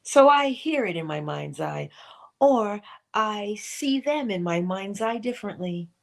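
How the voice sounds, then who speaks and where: Woman doing a morning inspiration stream, lively and questioning, middle-aged, mid-pitched, sassy asides. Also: measured pace, gravelly. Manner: animated, questioning, talks to herself in playful asides. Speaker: inspirational livestream host. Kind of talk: motivational talk.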